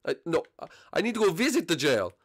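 A man hosting a Minecraft role-play, talking in quick, exasperated asides. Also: a little high, very animated. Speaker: channel host.

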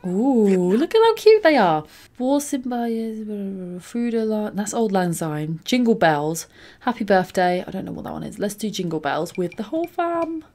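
A woman's voice: mid-range voice, lively intonation, unhurried, dark tone. A young woman giving casual, chatty commentary while playing a life-simulation game. She giggles often and coos over cute moments. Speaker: gaming channel host.

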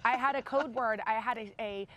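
This talk-show co-host, a woman in her thirties, has a voice on the high side and talks at a normal speed. Her casual chat is excited and eager, full of laughter and sentences she keeps restarting.

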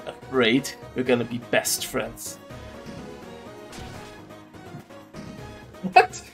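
Man voicing a gravelly hot-headed female guard captain, brash and loud, teasing, game music faintly behind. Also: mid-range voice, level tone, a little slow. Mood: fired up. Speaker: streamer reading game dialogue aloud. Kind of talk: let's play voice reading.

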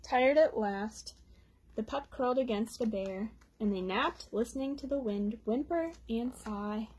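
A woman reading a children's picture book aloud at storytime, gently pausing to explain words for young listeners. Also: fairly high pitch, husky. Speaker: storytime reader.

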